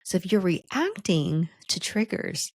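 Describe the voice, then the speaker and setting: A woman hosts a podcast and teaches leadership in an easy, chatty way, often tossing in "right?" and "like". Her voice sits low and she takes her time with each phrase. The recording is close and dry. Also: sing-song, takes it slowly, no echo. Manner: conversational, frequent "right?" and "like". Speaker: leadership coach and podcast host.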